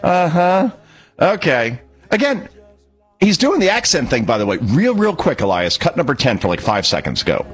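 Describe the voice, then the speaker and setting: Sarcastic husky-voiced male radio host. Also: wildly swooping pitch, moderate pace. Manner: sarcastic, emphatic, swoops pitch for mockery. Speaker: radio talk show host. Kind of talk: opinionated talk radio monologue.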